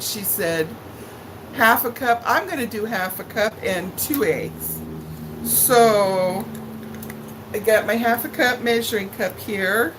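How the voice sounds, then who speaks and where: Middle-aged woman, home livestream host, slow and chatty, higher voice, faint background hiss. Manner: chatty, greets viewers by name with high sing-song hellos. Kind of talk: casual live-stream chat. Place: living room at home.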